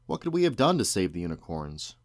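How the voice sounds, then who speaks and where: A man's voice: big pitch swings, fairly quick, no room sound. Man voicing a spirited townswoman, plaintive, dry close sound. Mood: aggrieved. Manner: plaintive, raised pitch. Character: spirited middle-aged townswoman.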